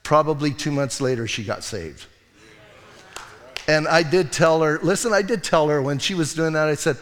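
A male pastor preaching a sermon, telling stories with lively acted quotes and laughter. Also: fairly high pitch, moderate pace, long reverb tail. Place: church sanctuary.

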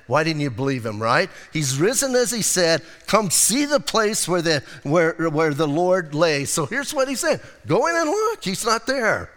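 A male pastor preaching a lively, conversational sermon and acting out quotes as he goes. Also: high-pitched, measured pace, hardly any pauses, long reverb tail.

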